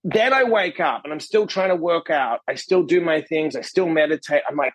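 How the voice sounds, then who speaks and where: Man, husky voice, higher pitch, animated storyteller, dry close sound. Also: moderate pace, few pauses, dry recording, low-quality recording. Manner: animated, acts out quotes, frequent "right?" tags. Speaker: podcast guest, author and coach. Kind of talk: casual storytelling conversation.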